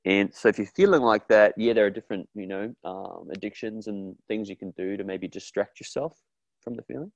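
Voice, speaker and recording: A man talking in a casual interview about his therapy work, earnest and animated, acting out quoted voices with frequent restarts. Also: fairly low pitch, a little fast, vocal fry, no room sound. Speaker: therapist guest.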